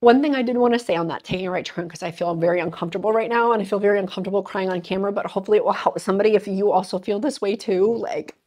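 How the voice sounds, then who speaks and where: A woman's voice: mid-range voice, rapid-fire, hardly any pauses, darkish tone. A woman talking casually and candidly to camera, rambling with many fillers and growing emotional. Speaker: vlogger.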